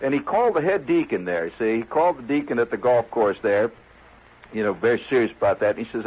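A man's voice: medium pitch, animated, fast talker, husky, highs cut off. A man telling a rambling comic story in a folksy, digressive way. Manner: folksy, digressive, lots of "see?" and "you know". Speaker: comedian.

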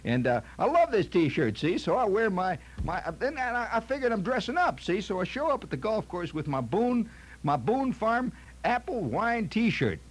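A man's voice: high-pitched, sing-song, normal speed, hardly any pauses. A man telling a rambling comic story in a folksy manner, peppering it with "see?" and "you know".

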